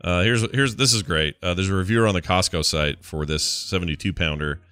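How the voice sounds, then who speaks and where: A low-pitched man with a bright, forceful tone reads strange news items aloud on a casual chat show. He drops wry asides between the quotes, and his voice is recorded dry and close. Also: brisk, clean tone, no echo, faint music behind. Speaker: podcast co-host.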